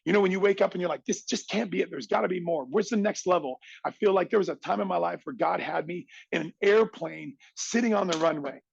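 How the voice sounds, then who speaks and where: Gravelly-voiced man telling a fired-up story. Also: high-pitched, fast talker, hardly any pauses, dry recording, lo-fi sound. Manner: animated, acts out others' lines in quotes. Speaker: podcast guest. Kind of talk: emphatic storytelling, motivational.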